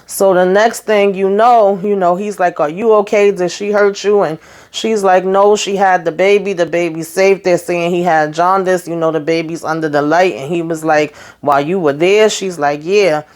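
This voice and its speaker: A woman recaps a TV episode casually, retelling scenes in an animated, chatty way and calling listeners "child" and "honey." Her voice is lowish and her speed normal.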